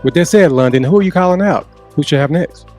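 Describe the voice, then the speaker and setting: Fast-talking male co-host. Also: on the high side, darkish tone, faint music behind. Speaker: podcast co-host. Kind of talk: interview hosting.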